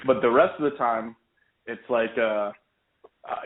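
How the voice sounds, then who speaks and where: Podcast co-host, male, mid-pitched, rambling chat, phone-line quality sound. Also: unhurried, a little hiss or hum. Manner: rambling, animated, puts on voices in anecdotes. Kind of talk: casual chat.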